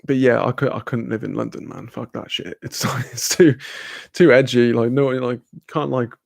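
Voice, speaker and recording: A man's voice: medium pitch, fairly even intonation, normal speed, creaky, no room sound, clean studio sound. A man hosting a livestream, casually reading the chat aloud, laid-back, laughing often and swearing freely. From Wales. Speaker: livestream host.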